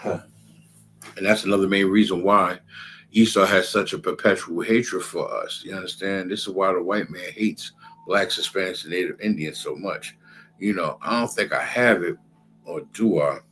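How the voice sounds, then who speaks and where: A man's voice: sits low, normal speed, fairly bright tone, a little hiss or hum, low-quality recording. A man giving a casual scripture lecture in a repetitive, conversational way, often checking in with his listeners. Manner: repetitive, conversational, keeps asking "you understand?". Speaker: religious class teacher.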